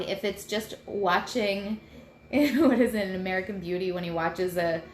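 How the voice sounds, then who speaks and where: 30s mom rambling through tips on a live video, roomy echo, bit of background hum. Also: female voice, medium pitch. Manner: chatty and rambling, self-deprecating. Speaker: host sharing mindfulness tips. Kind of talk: casual live video talk. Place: room at home. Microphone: computer mic. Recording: roomy echo, faint room noise.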